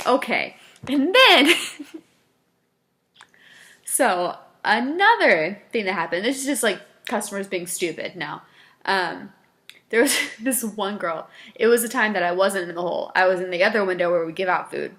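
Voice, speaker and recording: A woman vlogger telling stories from her fast food job in a casual, animated way, laughing often and acting out her customers. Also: on the high side. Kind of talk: casual storytelling to camera.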